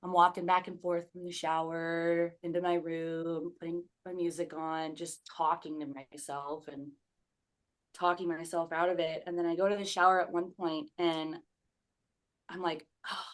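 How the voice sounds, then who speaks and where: A woman's voice: on the low side, little pitch movement, moderate pace. A woman telling a personal story as a podcast guest, casual and candid, swearing freely and acting out her own past remarks.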